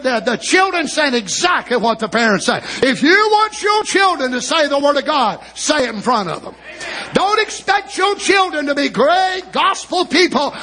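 A man preaching a sermon with impassioned, shouted bursts and drawn-out phrases. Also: very high-pitched.

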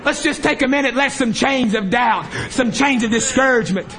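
A man's voice: very high voice, fairly quick, fairly bright tone. A man preaching a fervent revival sermon in a church service, impassioned and repetitive as he calls out to the congregation.

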